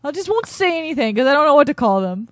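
A woman co-hosting a comedy radio show, chatty and animated as she tells news stories. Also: high voice, fast talker, dry recording, studio quality. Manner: chatty, giggly, animated storytelling. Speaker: radio co-host.

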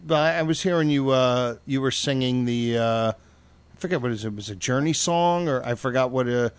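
A man's voice: mid-range voice, normal speed, clear, resonant tone, dry recording. Rambling, mocking talk show host man. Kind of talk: casual talk show banter.

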